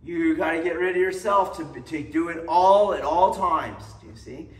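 A male aikido instructor talks informally to his class in a blunt, profane way. He keeps asking whether they see his point. His fairly high voice sounds echoey and far from the mic in a training hall. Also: moderate pace. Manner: checks in constantly with "do you see?". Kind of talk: informal talk to students. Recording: roomy echo, distant mic.

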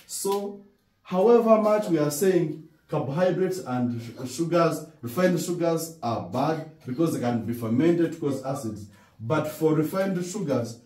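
Man, Ugandan accent, lecturer, slow deliberate delivery, mellow tone, quizzing style with repeated key words. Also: a little high. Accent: Ugandan English. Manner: asks rhetorical questions and answers them himself. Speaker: dental lecturer. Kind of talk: classroom lecture. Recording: roomy echo, distant from mic.

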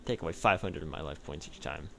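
A man's voice: a bass voice, quick pace, gravelly. A man giving let's play commentary on a card game, trash-talking his opponent with mock anger and frequent laughs.

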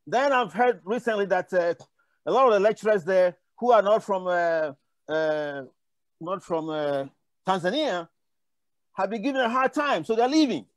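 Speaking at normal speed with lively intonation, an older man from Africa shares passionate, wandering stories on a conference panel, frequently starting over. His voice is high and the recording has no room sound.

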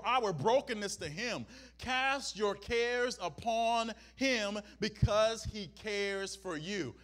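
Delivering a sermon in a high, fairly bright voice, this pastor hammers home his points by repeating them. Every so often he turns to the congregation with an "Amen?" to check they're with him.

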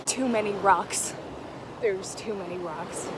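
A woman's voice: medium pitch, normal speed. A young woman vlogging casually to camera on a lake beach, chatty and self-mocking. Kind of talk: casual vlog chat to camera. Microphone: handheld camera. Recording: outdoor noise from waves and wind.

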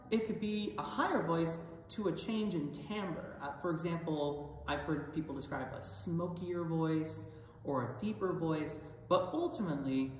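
A man's voice: on the high side, slight background noise. A man who directs a children's choir, giving an upbeat vocal lesson in an encouraging teacher's manner. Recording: echoey hall, voice from far off with faint music.

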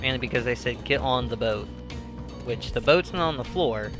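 A man giving excitable gameplay commentary, swearing and breaking into sudden yells. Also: mid-range voice, moderate pace, over music. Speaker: gamer.

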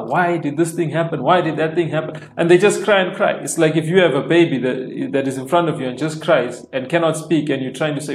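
A man preaching an informal online sermon, repeating phrases and dropping in frequent amens, slowing down to stress key lines. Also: mid-range voice. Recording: echoey room with soft worship music.

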